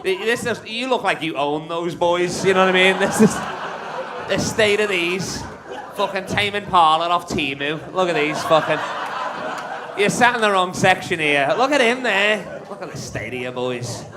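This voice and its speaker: Brash, high-voiced man doing stand-up. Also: lively intonation, moderate pace, noisy background. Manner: brash, sweary banter with the audience. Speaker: stand-up comedian. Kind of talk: live stand-up crowd work. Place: comedy club stage with a live audience. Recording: live club recording with crowd.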